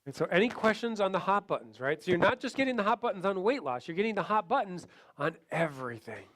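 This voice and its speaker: A man giving a sales training seminar, animated, acting out short client conversations as he teaches. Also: sits high, quick pace. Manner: animated, acts out client dialogue. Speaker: seminar speaker.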